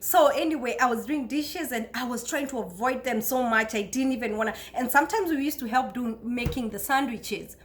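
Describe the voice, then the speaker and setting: A woman from Kenya with a Kenyan accent, telling stories about her life abroad in a chatty, expressive way and often breaking into laughter. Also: a little high, fairly quick, hardly any pauses, a little hiss or hum. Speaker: vlogger. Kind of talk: casual storytelling to camera.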